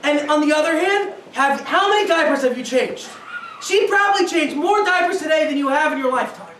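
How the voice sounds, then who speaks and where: A rabbi gives an animated talk on family life, acting out little scenes and checking in with his listeners. His voice sits high for a man. The room is echoey and he stands a little away from the mic, with faint noise behind. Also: fairly quick, distant mic. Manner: animated, acts out little scenes, asks the audience "right?". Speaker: rabbi, guest speaker.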